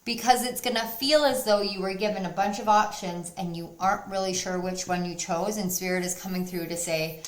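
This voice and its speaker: Speaking at a brisk clip in a medium pitch, a female tarot reader walks her audience through a spiritual pick-a-card spread. She stays sincere and supportive, with occasional bursts of excitement.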